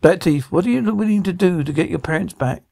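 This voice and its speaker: A man's voice: high-pitched, fast, creaky, a little mellow, no echo. A man reading every part of a drama aloud, sound cues included, with slips and restarts. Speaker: radio show reader voicing a TV drama.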